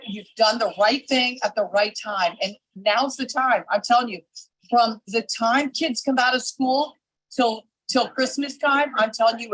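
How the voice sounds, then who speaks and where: A woman recording a motivational pep talk in a resort hotel, emphatic and energetic, repeating herself for push. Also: a little high, no echo, rough recording. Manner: energetic, emphatic, repeats "I'm telling you". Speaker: network marketing team leader. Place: public area of a resort hotel.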